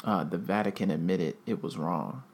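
A man's voice: deep voice, normal speed, gravelly, a little mellow. A man co-hosting a casual podcast, talking loosely with swearing and laughter. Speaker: podcast co-host. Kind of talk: casual chat.

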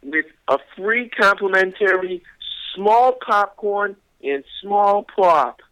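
Man playing a pushy New York theater owner, high nasal-bright voice, dry mic. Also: slow, clean tone, no room sound, heavily acted, poor audio. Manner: brash, pushy, self-assured. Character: sleazy male cineplex owner, brash, shameless.

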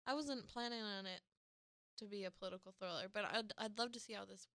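A woman's voice: medium pitch, brisk, no echo, clean studio sound. A woman from Wisconsin co-hosting a movie podcast, chatting casually and laughing often. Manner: giggly, animated. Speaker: podcast co-host. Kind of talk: casual chat.

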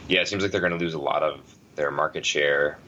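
Very deep-voiced man chatting casually. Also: steady tone, fast, pushed and bright, lo-fi sound, a little hiss or hum. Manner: rambling, thoughtful, many fillers and restarts. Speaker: podcast co-host. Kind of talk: casual chat.

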